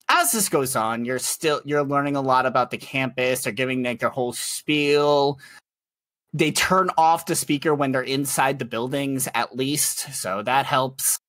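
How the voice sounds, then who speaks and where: A man's voice: medium pitch, a bit bright. A chatty game master walks his players through a campus tour, laughing as he goes. He catches his own slips and fixes them on the fly. The room is dry, with no echo. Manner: chatty, laughs often, self-correcting. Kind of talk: narrating a tabletop game.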